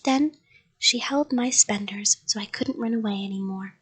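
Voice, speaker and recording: A woman reading a children's story aloud in a soft, half-whispered bedtime voice. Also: mid-range voice, normal speed, breathy edge.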